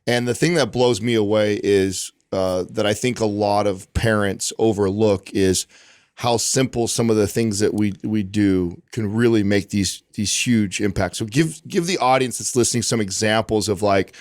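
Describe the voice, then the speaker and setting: A male podcast host asking a guest questions in a relaxed, slightly halting way. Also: fairly low pitch, dry recording, clean studio sound. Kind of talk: interview questions.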